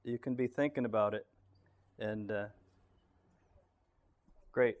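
A man leading a casual group Bible study, relaxed and thinking aloud, often chuckling. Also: on the low side, slow.

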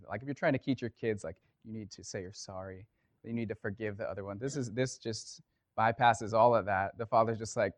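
A man's voice: on the low side, no room sound. A man preaching a casual sermon, talking conversationally with lots of fillers and telling a story.

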